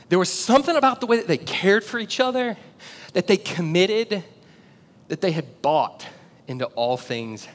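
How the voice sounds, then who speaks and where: In a church auditorium with long hall reverb and a faint rumble, a male pastor tells a story in his sermon. Out of breath and animated, he builds to loud shouts, then drops low and intimate for quiet emphasis.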